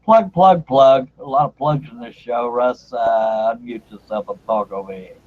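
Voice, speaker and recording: A man's voice: medium pitch, moderate pace, slight background noise. A man hosting a casual live video-call stream, joking and laughing as he introduces guests. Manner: joking, laughing, chatty, uses "y'all". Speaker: host. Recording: dull lo-fi stream audio.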